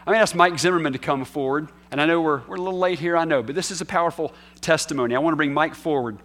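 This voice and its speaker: A man preaching a sermon as pastor, earnest, moving from quiet asides to emphatic declarations. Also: fairly high pitch, very fast. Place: church hall.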